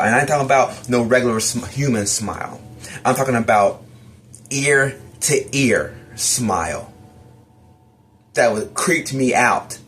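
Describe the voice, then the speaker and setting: A man's voice: mid-range voice, a bit bright. A man telling a personal story of a frightening dream, acting out his own lines as he goes. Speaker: testimony storyteller.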